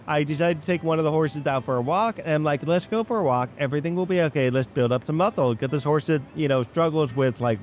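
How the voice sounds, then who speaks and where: A man's voice: a little high, darkish tone, a little hiss or hum. A man hosting a train-simulator gameplay video, chatting casually and telling rambling stories straight to his viewers. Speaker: gaming channel host. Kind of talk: casual gameplay chat and storytelling.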